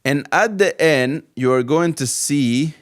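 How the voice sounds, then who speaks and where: A male Arabic teacher with a slightly high voice speaks slowly. In a step-by-step alphabet lesson, he patiently repeats every letter sound.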